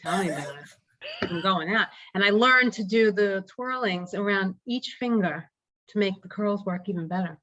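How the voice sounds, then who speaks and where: A woman chatting casually about a movie, blunt and quick to swear. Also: medium pitch, expressive, a bit bright, no room sound. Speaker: movie club panelist. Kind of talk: casual chat.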